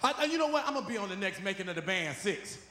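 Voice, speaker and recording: High-pitched, loud stand-up comedian man. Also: racing, slight background noise. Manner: loud, animated, breaks into song and rhymes. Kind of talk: stand-up comedy with singing and freestyle rap. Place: large comedy venue stage. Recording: echoey live hall with music and crowd. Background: audience laughter and music.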